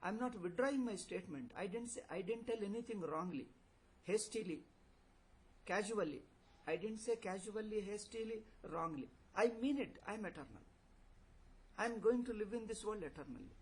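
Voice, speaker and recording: A man's voice: high-pitched, lively intonation, moderate pace, pitched above the performer's own voice. A man voicing a muddled fellow who insists he is eternal yet fears death, repeating himself in a flustered way.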